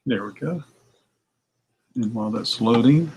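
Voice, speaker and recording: A man hosting a casual morning chat to viewers from his record shop, telling a story and acting out phone calls in high excited voices. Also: takes it slowly, pauses often, husky, dull audio. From United States. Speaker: record store owner hosting a morning show.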